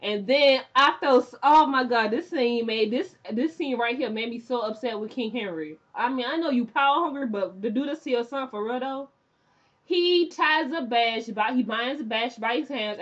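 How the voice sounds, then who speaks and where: A woman's voice: high voice, normal speed. Chatty young woman recapping a show. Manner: chatty and animated, mimicking characters. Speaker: TV recap vlogger. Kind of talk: casual TV episode recap. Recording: dull lo-fi recording.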